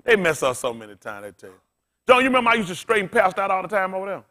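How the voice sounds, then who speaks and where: A man's voice: sits high, very animated, racing, sharp tone. A man pastor preaching a sermon in a blunt, colloquial way, swearing freely and firing questions at the congregation.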